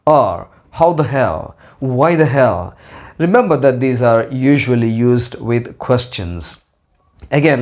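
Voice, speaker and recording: A man teaching an English lesson. He speaks carefully, repeats each example sentence slowly for learners, and makes small grammar slips. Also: medium pitch, a little mellow. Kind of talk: slow explanatory lesson.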